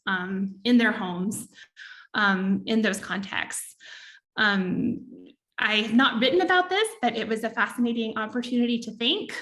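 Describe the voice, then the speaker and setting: A woman author giving an academic talk and answering questions, thoughtful and halting, with frequent ums, over a video call. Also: mid-range voice, fairly bright tone. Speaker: author and speaker.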